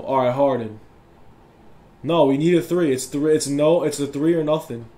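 A young man calls a basketball video game live, fired up and griping at his opponent. His voice sits a little high and rings in an echoey room. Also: normal speed. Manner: competitive, yells and complains at opponent. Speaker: gaming YouTuber. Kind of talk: live gameplay commentary.

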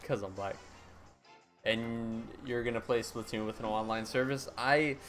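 With a steady, fairly bright medium-pitched voice and a moderate pace, a US man chats on his live game stream as faint music plays behind. He's easygoing and chatty, responding to his viewers' messages and laughing easily.

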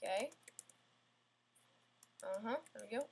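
A woman's voice: on the high side, expressive, unhurried, long pauses, breathy edge. A woman giving casual, self-mocking gameplay commentary, getting frustrated and talking back at the game. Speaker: gamer playing an obstacle course game.

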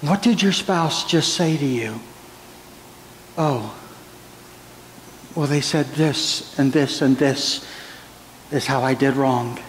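A man's voice: mid-range voice, slow, long pauses. A man preaching a sermon as pastor, moving between prayer and counseling stories in an earnest way. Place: church sanctuary. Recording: church hall reverb, faint room noise.

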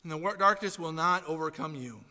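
A male pastor preaching an animated sermon, telling stories and breaking into loud, emphatic calls to his congregation. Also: fairly high pitch, brisk, long reverb tail. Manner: animated storytelling with sudden loud emphatic exhortations. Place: church sanctuary.

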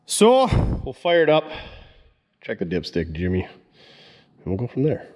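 In a shop, a man hosting a repair vlog works on an old car, bantering casually and joking in slang as he goes. His mid-range voice swoops wildly in pitch while his pace stays measured. The recording is very noisy.

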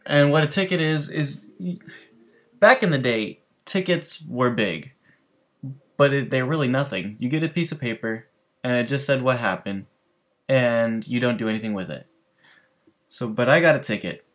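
This host has a medium-pitched voice and a moderate pace, broken up by long pauses. He tells rambling stories over gameplay, addressing viewers directly with plenty of restarts and side comments.

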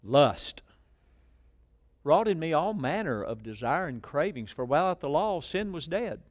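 A middle-aged man preaches in church with a rather high, lively voice. He jumps from shouted scripture to hushed asides and has the congregation repeat his words. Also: unhurried. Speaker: pastor. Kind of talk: sermon.

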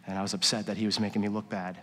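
A man's voice: fairly low pitch, little pitch movement, rapid-fire, slight background noise. Man preaching a confessional sermon in a reverberant church. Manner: confessional storytelling, swings from quiet to emphatic. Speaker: worship pastor. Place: church sanctuary. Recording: long reverb of a church hall.

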